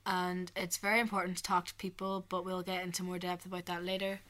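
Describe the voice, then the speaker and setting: A teenage girl, co-hosting a youth podcast and outlining topics in a plain, steady delivery. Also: fairly low pitch, fast talker. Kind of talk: episode overview.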